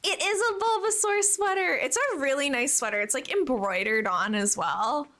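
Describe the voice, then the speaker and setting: A young woman streams live, chatting casually and warmly answering her viewers as she plays. Her voice sits high and bounces all over her range, bubbly and talkative throughout. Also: lively intonation, normal speed. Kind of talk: casual live-stream chat while playing.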